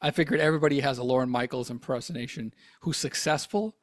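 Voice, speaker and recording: A man's voice: mid-range voice, quick pace, no room sound, studio quality. A man co-hosting a comedy podcast, rambling in a self-mocking way full of fillers. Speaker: podcast co-host. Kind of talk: casual comedic chat.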